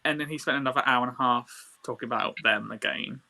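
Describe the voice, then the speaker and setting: A man, co-hosting a casual podcast over a video call and telling a story in a lively, swearing way. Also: mid-range voice, fast talker, creaky. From England. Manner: animated, swearing, lively quoted dialogue. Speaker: co-host.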